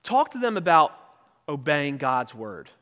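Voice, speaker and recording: A male pastor with a high voice preaches to his congregation, his words ringing with the long reverb of a church sanctuary. He keeps it conversational, then breaks into loud shouted voices when acting out stories. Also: very animated, measured pace. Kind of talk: sermon.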